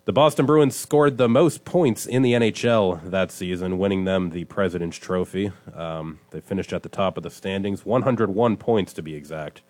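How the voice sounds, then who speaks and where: A man co-hosting a casual morning talk show, telling jokes with lively acted punchlines. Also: sits low, moderate pace, few pauses, dry recording. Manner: animated joke telling, shouting punchlines. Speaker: co-host.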